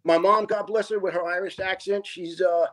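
Speaking at a normal pace with fairly even intonation, a high-voiced man recounts family stories as a podcast guest while a crowd is audible behind him. He is a retired Staten Island fire lieutenant in his fifties, earnest and heartfelt, and he voices other people's lines as he tells them casually.

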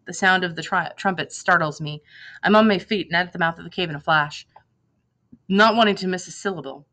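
A woman reading a novel aloud in lively first-person narration, acting out the dialogue. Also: fairly low pitch, fairly quick, rough recording. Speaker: reader.

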